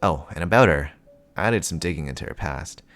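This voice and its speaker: A man's voice: a bass voice, lively intonation, a little fast, a bit bright, soft background music. A man voicing a wry, chatty male informant in a comic reading with voices. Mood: brisk.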